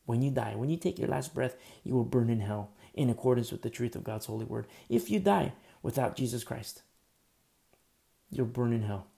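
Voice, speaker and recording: A man preaching a sermon as pastor, conversational, swinging between loud emphasis and quiet asides. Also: mid-range voice, lively intonation, moderate pace, creaky.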